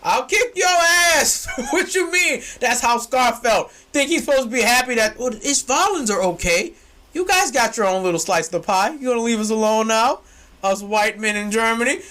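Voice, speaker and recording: A young man, co-hosting a casual chat that swings from low musing to shouting, laughing excitement. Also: moderate pace. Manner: excitable, shouts and laughs when hyped, slangy. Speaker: podcast co-host.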